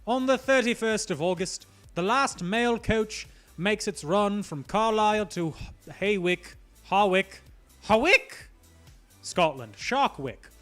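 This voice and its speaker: A man hosting a live trivia show, reading questions with playful jokey asides. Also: high voice. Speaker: trivia quiz host.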